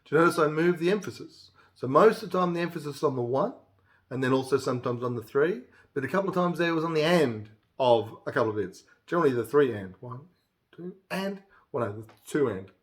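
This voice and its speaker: A man's voice: on the high side, expressive, fast. A man casually teaching music theory, counting beats aloud and now and then singing a line. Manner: chatty, counts beats aloud and breaks into song. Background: acoustic guitar playing.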